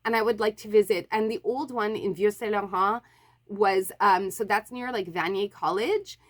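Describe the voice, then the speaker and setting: A woman's voice: mid-range voice, moderate pace, fairly bright tone. A woman from Montreal, a book vlogger, chatting casually to camera and apologizing often, with lots of fillers and restarts. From Montreal, Canada.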